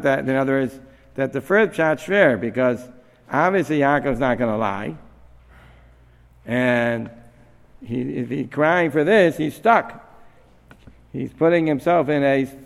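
A man's voice: mid-range voice, gravelly. A man giving a religious study lesson, thinking aloud, asking questions and often restarting his sentences. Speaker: Torah teacher. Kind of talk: Talmudic-style study lesson. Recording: long hall reverb.

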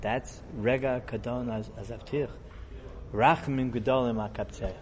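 Telling a story as a sermon, a middle-aged rabbi wanders off on digressions in a conversational manner and becomes more animated as the tale builds. His voice is medium in pitch and unhurried.

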